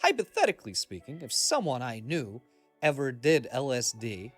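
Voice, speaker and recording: A man co-hosting a casual film review podcast, animated and quick to laugh, often acting out lines from the film. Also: medium pitch, soft background music. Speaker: podcast co-host.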